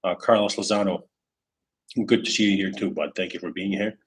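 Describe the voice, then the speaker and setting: A man's voice: deep voice, fairly quick, breathy edge, poor audio. A man hosting a casual livestream, rambling with many fillers and restarts while he reads out chat comments. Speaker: crypto livestream host.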